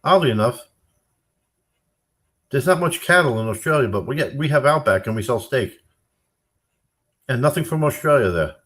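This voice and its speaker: Brief: brash mocking man, mid-pitched, profane, jumps up loud when ranting. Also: expressive, moderate pace, pauses often. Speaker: streamer reacting to chat. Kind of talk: casual profane banter.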